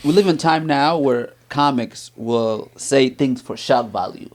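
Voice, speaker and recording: A man's voice: medium pitch, a little slow. A man co-hosting a podcast, sharing an opinion in casual chat. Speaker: podcast co-host. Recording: loud background noise.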